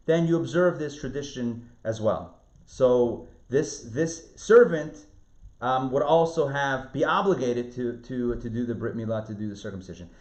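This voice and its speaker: Lively rabbi teaching a class online. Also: male voice, mid-range voice. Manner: lively, repeats words and restarts, asks the class questions. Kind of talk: online Torah class lecture. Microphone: video call. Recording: roomy, muffled video-call audio.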